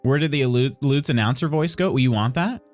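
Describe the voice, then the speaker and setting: A man's voice: medium pitch, a little fast, soft background music. A man streaming a game live, reading tutorial text aloud and adding playful, wry asides to chat.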